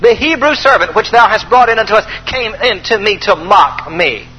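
A man's voice: high-pitched, lively intonation, normal speed, sharp tone, slight background noise, pitched above the performer's own voice, poor audio. A man acting out a seductive, scheming woman who sweet-talks in a coaxing way. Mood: pleading.

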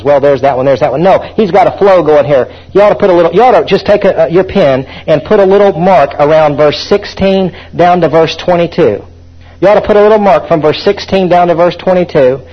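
Husky high-pitched guy preaching hard, fervent sermon, muffled lo-fi recording. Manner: fervent, calls out to congregation.

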